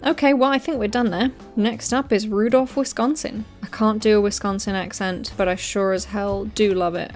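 A woman of mid pitch narrates facts in a casual comedic host's voice. She stops often for sarcastic quips and sudden excited gasps, and light music plays softly under her. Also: normal speed, few pauses. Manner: reads facts, then breaks off into sarcastic, excited asides. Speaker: video host. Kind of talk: comedic commentary reading facts.

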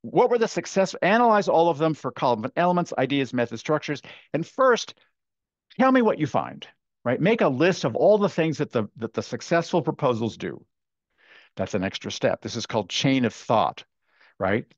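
Man presenting a webinar, lively swinging pitch, dry dull computer-mic sound. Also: moderate pace, no room sound. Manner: animated, chatty, many fillers and restarts. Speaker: workshop presenter. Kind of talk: webinar lecture.

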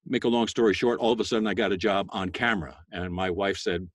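A voice actor talking casually to a school class, chatty and self-deprecating, with many fillers and bursts of a loud sales voice. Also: male voice, lowish voice, steady tone, fast, no echo. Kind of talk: casual interview talk.

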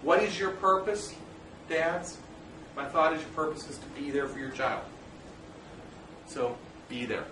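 A man speaks earnestly to fathers in a roomy space, his slightly high voice carrying some echo. He talks plainly and directly, weaving in personal stories. He stands back from the mic, and a faint background hiss sits under him. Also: pushed and bright, far from the mic. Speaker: parent speaker addressing fathers. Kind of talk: informal talk to an audience.

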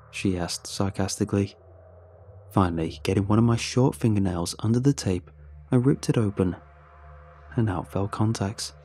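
A man with a low, husky voice narrates a first-person horror story in a scripted, even way. His tone is mellow and dark, and he tells it conversationally, with a faint bed of music behind him. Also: moderate pace.

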